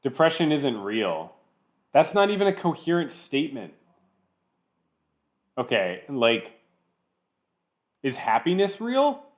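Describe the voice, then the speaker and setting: Male reaction commentator, sarcastic, animated up-and-down delivery. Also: mid-range voice. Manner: sarcastic, pausing the clip to mock it.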